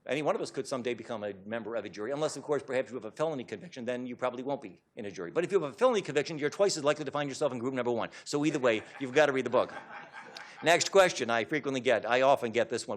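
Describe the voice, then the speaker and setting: A man delivers a public talk to an audience, speaking fast and with plenty of emphasis. His voice sits at an ordinary middle pitch. He lectures with animated conviction. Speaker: author giving a talk.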